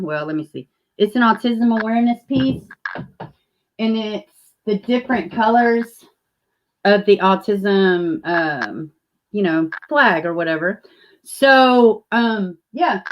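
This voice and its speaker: Woman, livestream host, low-pitched, rambling and chatty, swears freely. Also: normal speed. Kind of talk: casual livestream chat.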